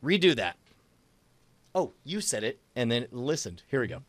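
A man hosting a podcast, chatting casually and excitedly while trying out dictation software, laughing often. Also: medium pitch, normal speed, dry recording. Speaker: podcast host.

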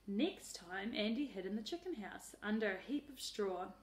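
A woman teacher reading a picture book aloud in a lively, expressive way. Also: medium pitch, moderate pace. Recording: roomy echo.

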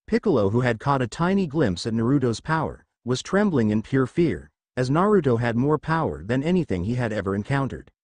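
A man narrating a fan-fiction story in a steady reading voice. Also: mid-range voice, brisk, few pauses, no room sound.

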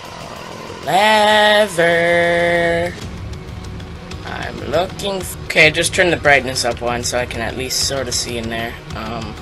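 A young man narrates his shooter session in a slightly high, unhurried voice. He rambles, mocks his own mistakes and barks taunts at the monsters. Game music plays clearly beneath him. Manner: rambling, self-mocking, taunts enemies in loud bursts. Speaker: gaming YouTuber. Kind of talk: casual gameplay commentary. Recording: game music playing behind the voice.

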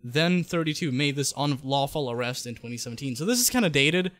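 A man's voice: medium pitch, animated, fairly quick, a bit bright, no echo. A man co-hosting a podcast, introducing clips and commenting sardonically, with a lot of swearing. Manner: sardonic, swearing, steering the show. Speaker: podcast co-host. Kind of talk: casual chat.

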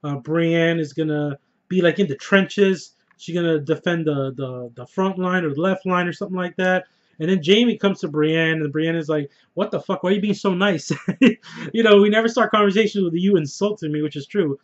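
Excitable, swearing man on a muffled recording. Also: fairly high pitch, moderate pace. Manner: excitable, profane, laughs often. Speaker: TV show reviewer. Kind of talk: casual spoiler review vlog.

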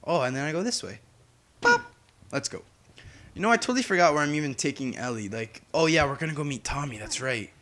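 A man's voice: on the high side, expressive, fast, fairly bright tone. A young man giving casual, chatty gameplay commentary as a YouTuber, humming and drifting off topic. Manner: chatty, distracted, hums to himself. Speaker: gaming YouTuber.

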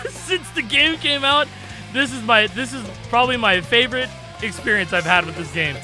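A young man giving casual gameplay commentary, excitable, laughing often and swearing, breaking into shrieks when something amuses him. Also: very high-pitched, normal speed, over loud music. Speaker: gaming YouTuber.

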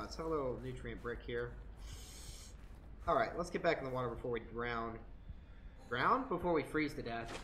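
Casting: a chatty gaming streamer, mid-pitched, casual and profane, with faint background noise. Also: a bit bright. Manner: chatty, swears often, jokey asides.

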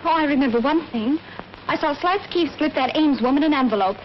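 A frightened young woman rattles on in a high, quick Southern drawl, pleading and breathless. The sound is a dull, faintly hissy old film soundtrack. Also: expressive. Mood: hesitant. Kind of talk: 1930s film acting.

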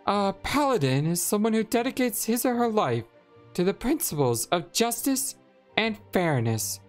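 A woman voicing a kind female healer and paladin teacher, reading game dialogue in a gentle, formal, old-fashioned way. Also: medium pitch, pitched above the performer's own voice.

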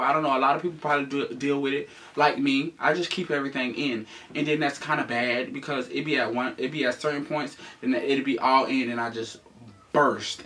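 A man's voice: fairly high pitch, bright, forceful tone. A man co-hosting a casual chat, joking and teasing as he talks. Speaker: co-host. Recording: slightly distant mic with faint noise.

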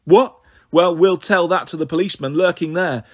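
A man's voice: on the high side, normal speed, close to an everyday voice. A man voicing a frantic, scatty young mother in a storybook reading, pleading and defensive.

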